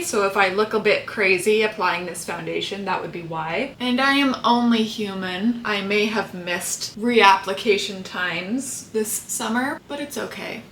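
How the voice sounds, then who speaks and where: A woman's voice: mid-range voice, fairly bright tone. A woman vlogger chatting casually through a makeup tutorial with rambling asides. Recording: roomy echo, faint hiss.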